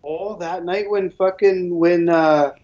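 High-voiced profane storyteller man. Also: fairly even intonation, takes it slowly, darkish tone, highs cut off. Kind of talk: casual chat.

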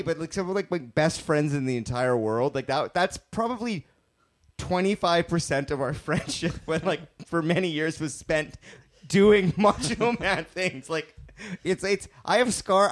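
A young man hosting a casual podcast, his voice sitting a little high. He rambles through lots of fillers and laughs in the middle of his sentences. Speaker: podcast host. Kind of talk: casual chat.

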